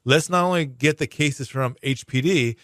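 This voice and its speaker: A man's voice: medium pitch, moderate pace, a bit bright, no room sound, clean studio sound. A man speaking as a prosecuting attorney guest in a casual radio interview, explaining at length with many fillers and restarts. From Hawaii. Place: radio studio.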